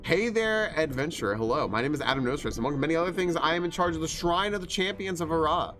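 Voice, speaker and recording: A man voicing a calm male prophet who keeps a shrine in a game, reading the lines in a measured way. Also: fairly high pitch, soft background music.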